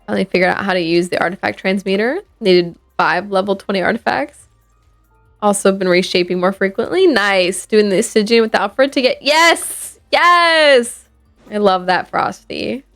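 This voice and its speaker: While streaming a game, a woman chats in a relaxed, sleepy ramble, stopping and restarting and using plenty of fillers. Her gravelly voice is medium-pitched and moves at a moderate pace. Game music plays faintly underneath.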